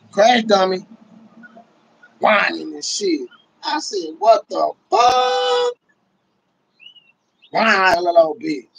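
A man hosting a livestream, delivering a profane, mocking rant with sudden shouts. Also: high-pitched, creaky, rough recording. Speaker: livestream host. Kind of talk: ranting livestream commentary.

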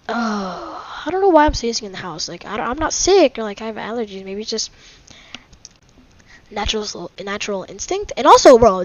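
A woman with a higher voice talks through a game at home in casual commentary, swinging between excitement and exasperated bickering with a teasing friend. Her voice comes through a dull, lo-fi gaming mic. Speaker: gaming video host.

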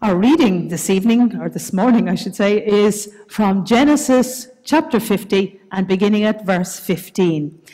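A woman with a Northern Irish accent leading worship and reading scripture aloud in a church service, slow, measured and soft-spoken. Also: mid-range voice. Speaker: worship leader. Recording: reverberant church hall.

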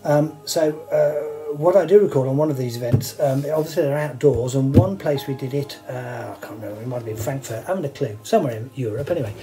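A man's voice: mid-range voice, fast talker, few pauses, music in the background, low-quality recording. A man hosting, telling rambling, wry anecdotes with many asides and fillers. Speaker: host sharing stage rigging anecdotes.

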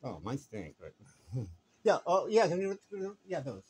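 A man's voice: mid-range voice, huge pitch swings, measured pace, a little mellow, slightly rough. A man vlogging from a shop counter on his phone, rambling and stammering with wry remarks. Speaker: vlogger filming a shop visit. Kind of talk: casual running commentary.

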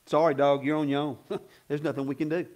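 A male preacher putting on the voice of an offhand man who casually brushes off someone's plea, low and muttered with casual slang. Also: little pitch movement, quick pace, a little mellow, natural voice. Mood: dismissive.

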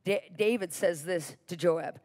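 A woman preacher retelling a Bible story in a sermon, animated and repetitive for emphasis. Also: on the low side, a little slow.

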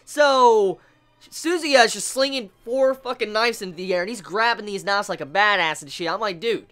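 Bright, excitable manga vlogger. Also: mid-range voice, normal speed. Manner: excitable, swears freely, exclaims in disbelief; rambling with restarts. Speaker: manga reviewer. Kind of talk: casual video review.

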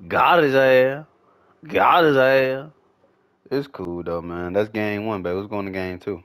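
A man's voice: on the low side, animated, a little slow, a bit bright. Hyped, trash-talking young man gaming. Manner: slangy, repetitive casual speech. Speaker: gaming YouTuber. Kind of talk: live gameplay commentary.

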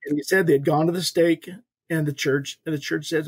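A man's voice: a little high, fairly even intonation, a little fast, a little mellow, breathy edge. An older man, a podcast guest, earnestly telling a personal faith story in a folksy way. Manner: earnest, folksy storyteller acting out quoted voices. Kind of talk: storytelling testimony.

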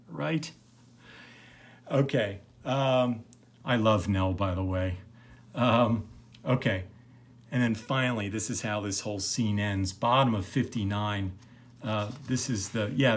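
A middle-aged man teaching literature in a relaxed recorded lecture, rambling with many fillers. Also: fairly low pitch.

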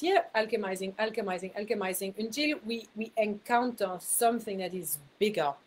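A woman's voice: medium pitch, slight background noise, rough recording. A woman speaking as a spiritual mentor, giving a casual talk to her viewers in a chatty way, laughing at herself and repeating words for emphasis.

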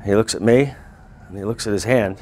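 A male teacher telling a class a lively personal story in a school classroom. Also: fairly low pitch, fairly quick, a little hiss or hum. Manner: animated, acts out voices and screams.

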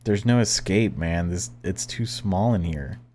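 Hushed, jumpy gamer man. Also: low voice, a little slow, a little hiss or hum. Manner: hushed, jumpy, swears casually. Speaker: let's-play gamer. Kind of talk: casual game commentary.

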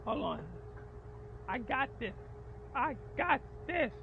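A man's voice: very high voice, sing-song, slow, creaky, phone-quality sound, slight background noise. A man chatting and joking with his family in a casual vlog, with a playful, teasing manner. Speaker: vlogger. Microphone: clip-on microphone.

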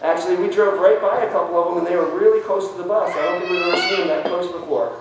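A man, a pastor, giving a children's message in church, talking in a lively way and asking the children questions. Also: high voice, fast talker, noisy background. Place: church sanctuary. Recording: very echoey church from far off.

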